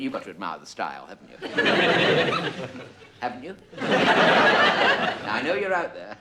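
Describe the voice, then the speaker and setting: An English comedian meanders through a shaggy-dog monologue, breaking off into asides and chuckling at his own digressions. His pitch swings widely from phrase to phrase. A heavy hiss sits under the whole recording. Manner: digressive, self-interrupting, chuckling. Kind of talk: rambling stand-up monologue. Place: studio with audience. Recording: loud background hiss, live audience laughter.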